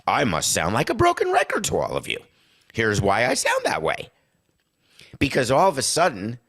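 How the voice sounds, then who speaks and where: A man's voice: mid-range voice, pushed and bright. A middle-aged man hosting a sports podcast, giving emphatic, sarcastic opinionated commentary in punchy lists. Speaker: podcast host.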